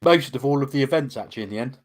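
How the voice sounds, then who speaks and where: Man, mid-pitched, enthusiastic, rambling podcast talk, full of ums. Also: rapid-fire. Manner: rambling, enthusiastic, many fillers. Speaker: podcast co-host. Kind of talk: casual fan chat.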